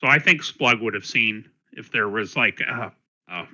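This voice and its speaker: A man's voice: fairly low pitch, normal speed, bright, forceful tone, low-quality recording. A man playing a tabletop game, casually describing what his character does and sees. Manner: casual, laughs easily, drops into his character's voice. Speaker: player. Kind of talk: tabletop game play over voice chat.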